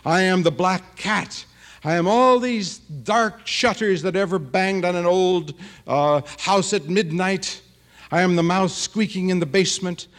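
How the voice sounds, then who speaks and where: An older guy doing a defiant last dead man, fairly high voice, big declaiming speech, tale told on stage. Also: measured pace, fairly bright tone. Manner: grand, declaiming list.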